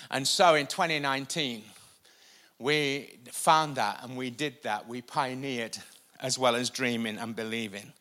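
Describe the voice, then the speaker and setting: A male pastor preaching a sermon, energetic and repetitive for emphasis. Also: fairly high pitch, measured pace. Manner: energetic, repeats lines for emphasis, uses a helper for a live demonstration. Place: church stage before a congregation.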